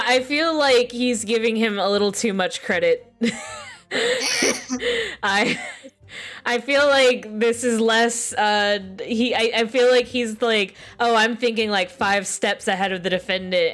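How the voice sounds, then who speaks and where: A woman's voice: medium pitch, steady tone, a little slow, fairly bright tone. A woman streamer chatting casually about a game, rambling and giggling, with many restarts.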